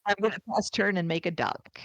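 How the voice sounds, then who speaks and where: A woman's voice: on the low side, quick pace, vocal fry, dry recording. A woman playing a card game over a stream, thinking aloud in a hesitant, casual way.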